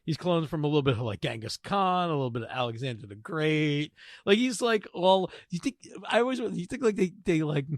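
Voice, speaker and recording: A man's voice: fairly high pitch, lively intonation, fairly quick, dry recording, clean studio sound. A man in his thirties co-hosting a podcast, riffing through rambling, jokey casual chat. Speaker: podcast co-host.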